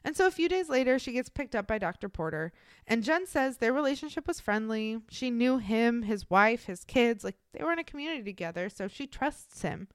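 A young woman retells a true-crime story on her podcast in a loose, chatty way. She swears bluntly and fills her talk with "like". Her voice is clear and smooth, and the recording is close and dry. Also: fairly high pitch, expressive, a little fast, no echo. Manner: blunt and profane, many fillers like "like". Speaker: podcast co-host.

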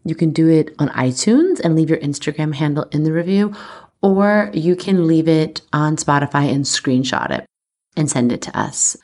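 A woman with a low, slightly mellow voice talks at a moderate pace while hosting a casual solo podcast as an astrologer from home. She's candid and chatty, uses lots of fillers, and sounds teary and close to crying.

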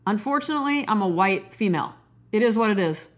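A woman in her forties from Nebraska hosting her own podcast, talking loudly and excitedly, jumping between topics with cussing and self-mocking jokes. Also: mid-range voice, quick pace. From Nebraska, USA. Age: 40s. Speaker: podcast host. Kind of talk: casual solo podcast monologue.

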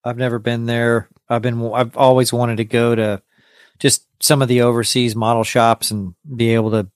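A man hosting a hobby podcast, talking in a loose, casual way that keeps stalling on stammered restarts. His voice is smooth and clean, and the recording is dry and close, with no room sound. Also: mid-range voice, level tone, no echo. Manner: halting, with many stammered restarts. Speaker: podcast host.

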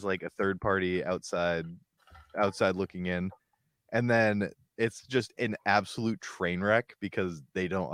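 A man's voice: on the low side, a bit bright, dry recording, studio quality. A man co-hosting a podcast, telling blunt, crude stories in casual chat. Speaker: podcast co-host.

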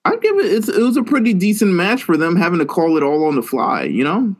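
A man's voice: high voice, sing-song, quick pace. A man co-hosting a podcast in casual live-watch chat, laid-back, often starting his lines with "listen". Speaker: podcast co-host.

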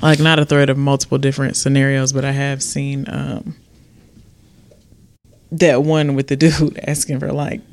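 A man co-hosting a casual, explicit podcast, reacting in a laid-back way with quick remarks and chuckles. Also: medium pitch, flat delivery. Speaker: podcast co-host.

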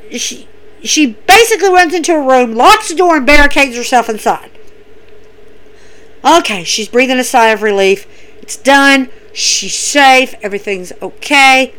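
High-voiced woman recapping wrestling. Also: normal speed, low-quality recording. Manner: excitable storyteller acting out quotes. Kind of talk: casual recap podcast.

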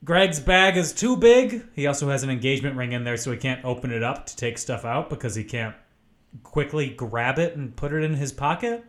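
A man's voice: mid-range voice, a little fast, fairly bright tone. A young man co-hosting a podcast, recapping a movie in casual, sarcastic chat and laughing often. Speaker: podcast co-host.

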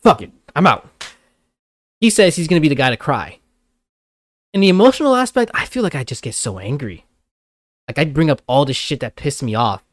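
A man's voice: a little high, expressive, brisk, no room sound. A young adult man co-hosting a casual podcast chat, talking bluntly and animatedly, swearing and laughing often. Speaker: podcast co-host.

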